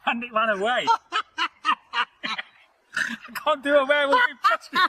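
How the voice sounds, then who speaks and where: A man's voice: very high-pitched, animated, measured pace, background noise. A man casually telling a folktale outdoors, rambling and jokey with many "you know" asides. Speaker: storyteller host. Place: outdoors in nature.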